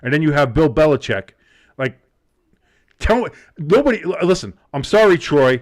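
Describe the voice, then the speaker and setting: A man with a New Jersey accent co-hosting a live sports show, talking in a rambling, excitable way with many restarts. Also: a little high, moderate pace. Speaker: sports podcast co-host. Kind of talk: casual live draft chat.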